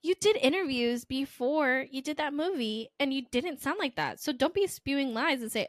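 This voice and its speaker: A woman co-hosting a podcast, talking in a blunt, joking, animated way. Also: sits high, normal speed, no room sound, clean studio sound. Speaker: podcast co-host. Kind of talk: casual chat.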